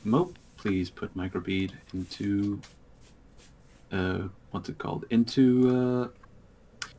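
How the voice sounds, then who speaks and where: A man narrating a tabletop game as game master over an online call, halting with many fillers. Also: on the low side, fairly even intonation, mellow, a little hiss or hum.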